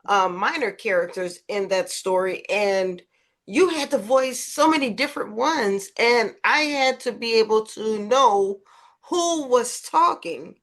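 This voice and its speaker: A woman hosting a podcast interview, speaking conversationally and pausing often with "um.". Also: on the high side, animated. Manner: conversational, with frequent "um" pauses. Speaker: podcast host. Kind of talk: interviewing a guest.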